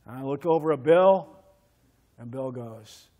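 A man's voice: unhurried, dark tone. A man pastor preaching a sermon, telling a childhood story and acting out the voices in it, then leading a prayer. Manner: storytelling, acts out voices with pitch swings. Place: church.

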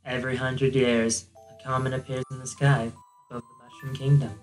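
A man's voice: mid-range voice, little pitch movement, normal speed, faint music behind, close to an everyday voice, low-quality recording. A man doing a mock-seductive female princess voice to read a storybook intro aloud, as a gaming joke. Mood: mock sultry. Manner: soft mock-seductive reading. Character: sultry female cosmic princess narrating a storybook. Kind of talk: comedic let's play voice-over.

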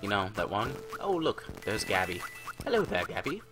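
A man casually commenting over his video game, rambling, playful and quick to swear. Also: fairly low pitch, sing-song. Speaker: gaming channel host. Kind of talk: casual let's-play commentary. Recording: game music playing under voice. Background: video game music.

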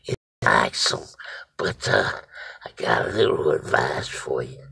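Brief: man playing a crude young heckler, gravelly and husky, jumping between high and low. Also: very animated, measured pace, sharp tone, exaggerated voice. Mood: mocking. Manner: blunt, profane taunting.

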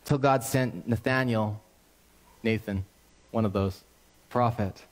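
A male pastor preaching a sermon, telling a story in an animated, conversational and earnest way. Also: fairly low pitch, measured pace.

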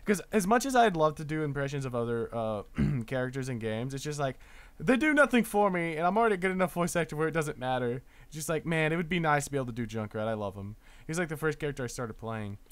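A young man in his twenties chats through a live-streamed game with a lively, bouncing delivery that swings high and low. His voice sits a little high for a man, and he often stammers and restarts mid-sentence. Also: fast, clean tone, no echo. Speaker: streamer and voice actor. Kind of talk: casual gaming live-stream chat.

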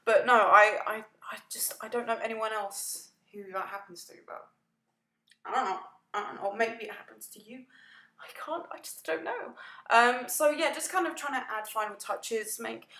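A woman's voice: on the high side, moderate pace, bright, forceful tone. A woman chatting through a casual voice-over, rambling and self-deprecating, laughing and yawning often. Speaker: gaming video creator narrating a build. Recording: echoey room.

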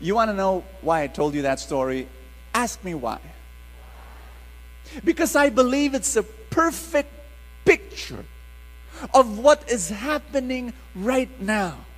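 A middle-aged man, preaching a sermon in an animated call-and-response style. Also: sits high, slow pace, long pauses, in a large hall, poor audio.

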